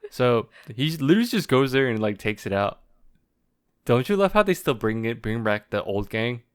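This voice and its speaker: Young male podcast co-host, mid-pitched, easygoing, chatty. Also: moderate pace, smooth. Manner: relaxed, filler-heavy, quotes his own reactions. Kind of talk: casual chat.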